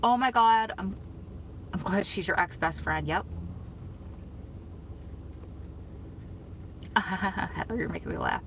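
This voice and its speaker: A woman's voice: medium pitch, huge pitch swings, normal speed, fairly bright tone, a little hiss or hum, rough recording. A woman hosting a casual live stream from a parked car, chatting and reacting to viewer comments on her phone. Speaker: livestream host reading viewer comments. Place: parked car in a store parking lot.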